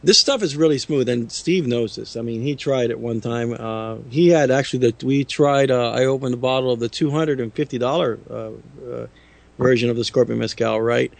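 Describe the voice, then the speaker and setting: A man's voice: medium pitch, moderate pace, creaky. Rambling middle-aged man with many fillers. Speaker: music producer guest. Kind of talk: casual radio interview. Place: radio studio.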